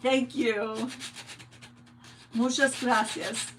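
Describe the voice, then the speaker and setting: A woman from New York hosts a relaxed craft livestream, chatting and greeting viewers by name as she works. Her voice sits a little high and she takes her time with every phrase. A faint hiss runs under the recording. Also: a little slow. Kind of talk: casual live-stream chat while crafting.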